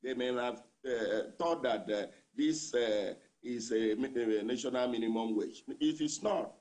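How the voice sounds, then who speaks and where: A man's voice: medium pitch, a little slow, a little mellow. A man with a Nigerian accent, a labour union leader answering a news interviewer by remote line, repeating his points for emphasis.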